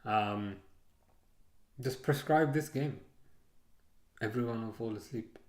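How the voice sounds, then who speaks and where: A man's voice: mid-range voice, slow pace. A man streaming a live football watchalong, chatting casually and ranting with many restarts. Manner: rambling, excitable rants with repeated restarts.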